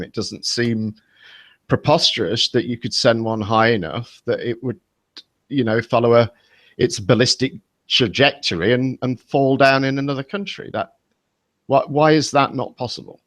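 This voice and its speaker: A man, a podcast guest, speaking hesitantly in a casual online debate, halting with many fillers and restarts. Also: mid-range voice, no room sound.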